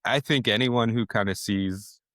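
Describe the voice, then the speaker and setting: A middle-aged man, a chef, talking casually in an interview, relaxed and chatty, often acting out what other people said. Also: lowish voice, unhurried, dry recording, studio quality. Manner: relaxed, chatty, quotes people in animated voices. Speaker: chef and restaurant owner.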